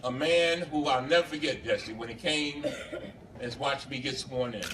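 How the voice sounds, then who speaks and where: A man, a congressman, giving an impassioned speech at a bar reception, halting and repeating himself, recorded from a distance. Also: mid-range voice. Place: bar reception room, indoors. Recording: distant camera with faint background noise.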